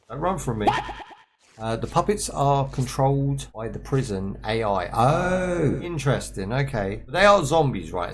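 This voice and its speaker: A man's voice: mid-range voice, noisy background. A young man streaming a survival game, chatting and joking with viewers as he plays. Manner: chatty, joking, talks to chat and to himself. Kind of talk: casual gameplay commentary.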